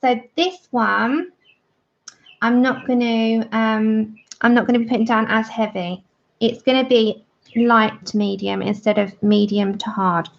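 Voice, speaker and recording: A woman's voice: fairly high pitch, steady tone, unhurried, creaky, lo-fi sound. A woman hosting a live colouring tutorial, chatting with viewers by name and laughing often as she works. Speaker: art livestream host.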